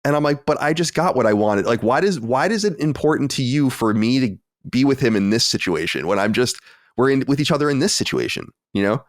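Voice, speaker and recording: A man in his late thirties, a podcast co-host, telling an animated story with exasperated asides in casual chat. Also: medium pitch, brisk, no echo, clean studio sound. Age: 30s.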